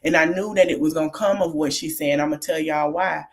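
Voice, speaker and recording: A woman's voice: low voice, fairly even intonation, a little fast. Chatty woman podcaster recapping reality TV. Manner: chatty, Southern-tinged slang, laughs often. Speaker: podcast host.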